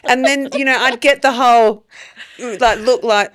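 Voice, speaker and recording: A woman co-hosting a podcast, chatting quickly and acting out what people said. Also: on the high side, dry recording. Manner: chatty, quick, acts out quotes. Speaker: podcast co-host. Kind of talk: casual chat.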